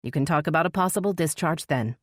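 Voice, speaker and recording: A woman voicing a brisk, matter-of-fact female nurse in an audiobook. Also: low-pitched, no room sound, clean studio sound.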